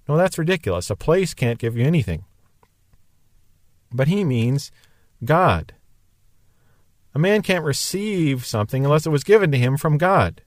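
A man's voice: a little high, no room sound, studio quality. Man musing through Bible verses. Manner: musing, conversational explaining. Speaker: Bible teacher.

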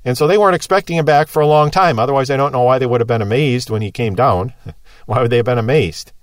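A man's voice: mid-range voice, fast talker, no echo. Conversational male preacher, dry sound. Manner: conversational, explanatory, rhetorical questions. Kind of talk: sermon.

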